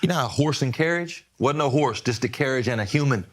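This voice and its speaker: Man, animated storyteller, laughs a lot, casual podcast chat, mid pitch. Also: fast.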